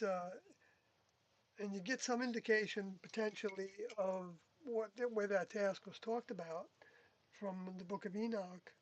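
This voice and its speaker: A speaker in an unscripted reflective monologue, talking haltingly with many pauses and self-corrections as they look back on their time in a group. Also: medium pitch, low-quality recording. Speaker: former group member recounting experiences.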